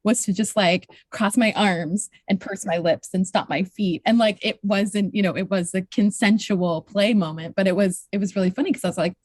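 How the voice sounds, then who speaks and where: Woman coach as guest, casual reflective podcast talk, pauses to find words, dry close mic. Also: medium pitch, a little mellow, dry recording. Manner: reflective, searching for words, occasional swearing. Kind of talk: casual conversational interview.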